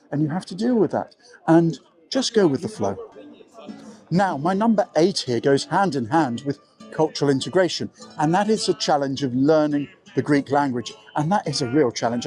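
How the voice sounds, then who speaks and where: A middle-aged man with an English accent talks straight to the camera in a frank, easy way, poking fun at himself now and then. His voice sits a touch higher than most men's. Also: a little mellow, slightly rough. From England. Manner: frank, conversational, self-deprecating. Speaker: vlogger living abroad. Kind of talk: advice talk to camera.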